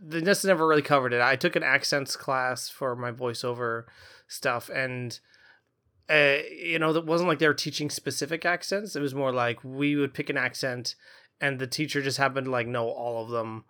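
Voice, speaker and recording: A man with a bright, sharp-edged voice co-hosts a casual music podcast. He talks in a rambling, hesitant, self-deprecating way, full of restarts. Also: medium pitch, moderate pace. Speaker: podcast co-host, voice actor. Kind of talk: casual chat.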